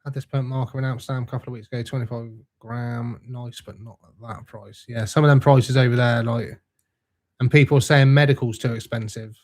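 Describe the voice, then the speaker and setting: A man's voice: medium pitch, little pitch movement, fairly quick. A young man hosting a live stream, chatting casually and reading out viewer comments in a laid-back, matey way.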